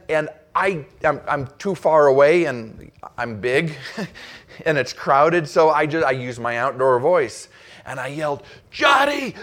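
A middle-aged man preaching a sermon as pastor, earnest and storytelling, with frequent restarts and emphatic rises. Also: mid-range voice.

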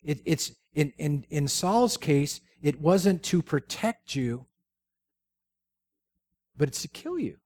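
A man's voice: a little high, expressive, takes it slowly, pauses often, a little mellow. A man preaching a sermon, telling the story with jokes and rhetorical questions. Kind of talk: sermon with humorous asides.

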